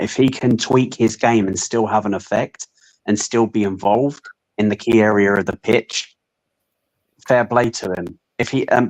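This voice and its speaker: Low-voiced man giving opinionated takes. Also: a little mellow, rough recording. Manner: long opinionated monologues, measured. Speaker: podcast co-host. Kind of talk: casual fan stream chat.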